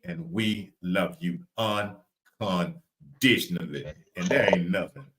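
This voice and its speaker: A man's voice: deep voice, slow, fairly bright tone, poor audio. A man with a Southern US accent co-hosting a live podcast, talking in a repetitive, preacher-like cadence. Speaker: podcast co-host.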